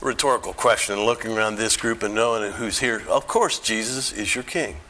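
Middle-aged American man, bright voice, speaking in church, chatty and questioning. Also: fairly low pitch, normal speed, a little hiss or hum. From United States. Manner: conversational, asks the audience questions. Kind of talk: church talk.

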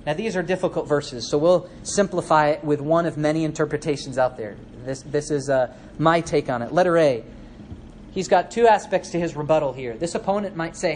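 A man's voice: a little high, a little fast, darkish tone, slight background noise. Conversational male preacher teaching scripture. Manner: conversational, asks the listeners questions and adds asides; acts out quoted speakers in changed voices. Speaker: preacher teaching a Bible passage. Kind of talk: sermon.

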